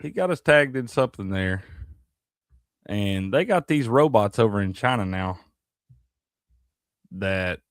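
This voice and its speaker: A man's voice: on the low side, lively intonation, measured pace, long pauses, dry recording, clean studio sound. A man co-hosting a sports talk show, chatting casually with easygoing, joking reactions. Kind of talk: casual chat.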